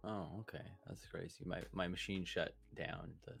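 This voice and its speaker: A man's voice: low-pitched, steady tone, normal speed, vocal fry, a bit bright, faint music behind. A man in casual podcast chat with a friend, rambling and profane, laughing often. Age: adult, a parent.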